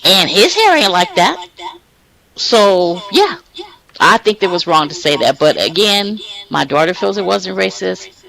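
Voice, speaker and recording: A man's voice: sits high, lively intonation, unhurried, gravelly, bright, forceful tone, rough recording. A man hosting a casual online talk show, speaking in a rambling, heartfelt way full of restarts. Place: online virtual-world voice chat.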